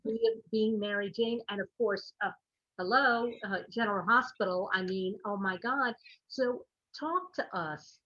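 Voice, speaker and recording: Brief: female talk show host, husky and effusive, on a dull, muffled line. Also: mid-range voice, measured pace, pushed and bright, no room sound. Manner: effusive, recaps before asking. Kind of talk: interviewer's question.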